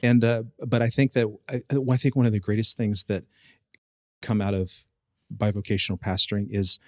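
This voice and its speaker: A man's voice: on the low side, little pitch movement, no echo. Earnest male pastor guest, dry close sound. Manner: earnest, measured, with fillers. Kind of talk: interview answers.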